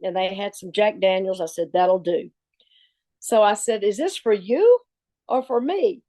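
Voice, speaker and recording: A woman with a drawl tells an old story in a lively way. She jumps into other people's voices as she quotes them, and her own pitch sits in the middle. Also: unhurried. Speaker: former assistant coach. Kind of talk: storytelling anecdote.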